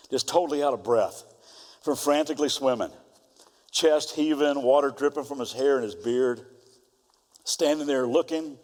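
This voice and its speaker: A middle-aged man preaching a sermon as pastor, moving between fervent exhortation and quiet storytelling. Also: medium pitch. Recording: long hall reverb.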